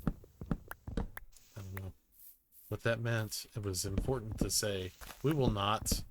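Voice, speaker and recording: A man's voice: mid-range voice, unhurried, noisy background. A man giving rambling, jokey gameplay commentary, muttering self-deprecating asides to himself as he plays. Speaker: gaming YouTuber. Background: music.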